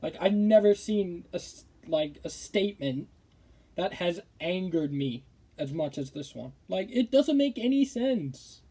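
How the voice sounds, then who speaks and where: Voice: mid-range voice, animated, a little slow, warm tone, slightly rough. A football commentary streamer ranting with indignation in casual talk, often stammering and restarting sentences. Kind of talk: casual opinion rant.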